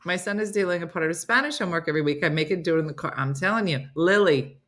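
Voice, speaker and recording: A middle-aged woman hosts a casual morning comedy chat, telling stories with lively, animated energy. Her voice sits a little low for a woman, and she often drops into mock voices while she talks. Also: fast talker. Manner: animated storytelling, mimics voices in low growls. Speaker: morning show host.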